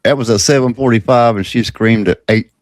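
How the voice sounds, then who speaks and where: A man's voice: medium pitch, fairly even intonation, brisk, no echo, studio quality. A man chatting casually with friends, wry and joking, laughing easily. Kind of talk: casual chat.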